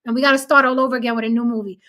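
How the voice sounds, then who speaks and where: A woman's voice: fairly high pitch, steady tone, very fast, bright, forceful tone. A woman hosting a casual group chat, brash, bossy and freely cursing. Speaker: host.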